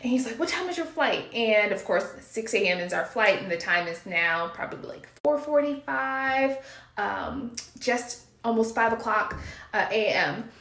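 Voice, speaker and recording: A woman's voice: mid-range voice, measured pace, reverberant. A woman in her thirties from the United States, casually telling a story to her viewers and acting out her own panicked moments. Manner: animated, breathless retelling, acts out her own panicked shouts.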